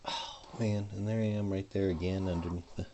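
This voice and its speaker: Talking briskly in a low-pitched, fairly even voice, this hobbyist modder describes his soldering as he goes. Over background noise at his home workbench, he mumbles, drifts off mid-thought, and moves in and out from the desk mic in casual narration.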